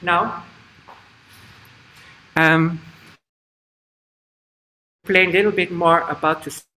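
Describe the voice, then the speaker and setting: A man teaching a live online kids' yoga class over a video call, speaking in a slow, halting way with stops and restarts. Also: fairly high pitch, fairly even intonation, pushed and bright. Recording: echoey room, faint background noise.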